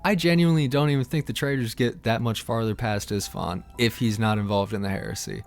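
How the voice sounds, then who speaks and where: A man's voice: mid-range voice, brisk, slight background noise. A man hosting a comedic lore explainer, irreverent, profane and full of slang. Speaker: host of a lore-explainer channel.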